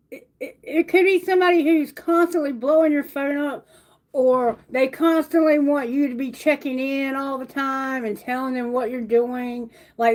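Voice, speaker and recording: A woman giving a live-stream tarot reading, blunt and animated, swearing freely as she talks to viewers. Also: sits high. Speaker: tarot reader.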